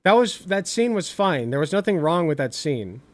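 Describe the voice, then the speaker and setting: A man's voice: a little high, very animated, normal speed. A young man reacting to clips in casual commentary, blunt and profane, repeating himself for emphasis.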